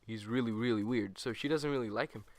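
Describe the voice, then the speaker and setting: A young man casually telling a school story over gameplay, rambling and animated, correcting himself as he goes. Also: medium pitch, dry recording. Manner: rambling, animated, self-correcting, with quick put-on quotes. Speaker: gaming channel host.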